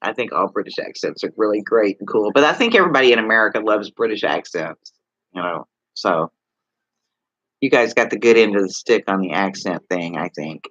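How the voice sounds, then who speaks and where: A Texan man talks loosely to his livestream viewers, drifting from point to point and tossing questions at them. His voice is bright and forceful. The sound is dry and close, but dull and lo-fi. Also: fairly low pitch, lively intonation, a little fast, no room sound. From Texas. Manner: rambling, talks straight to viewers with many questions. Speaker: livestream host. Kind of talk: casual livestream chat.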